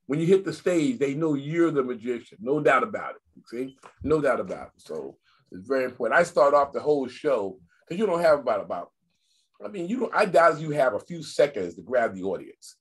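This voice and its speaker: An older man speaks in a husky, slightly rough voice at a middle pitch. He chats casually over a video call, animated and talkative, repeating phrases to drive his point home. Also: fairly quick. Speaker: guest magician.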